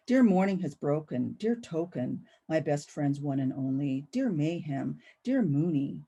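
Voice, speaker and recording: A woman's voice: low voice, mellow. A woman poet reading her own work aloud, with rhythmic, incantatory recitation. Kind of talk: poetry reading.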